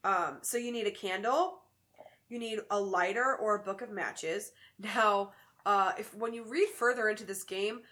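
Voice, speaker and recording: A woman with a medium-pitched, fairly bright voice speaks at a measured pace while co-hosting a podcast. In a casual, chatty way she jokes around and explains a spooky game step by step at length.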